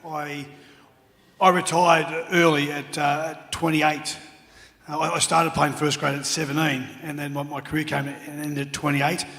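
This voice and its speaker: A middle-aged Australian man, guest speaker at an awards night, tells funny after-dinner stories in a large hall. His voice is a little high and fairly flat, and he speaks a little slowly. He tells jokey anecdotes and acts out shouts along the way.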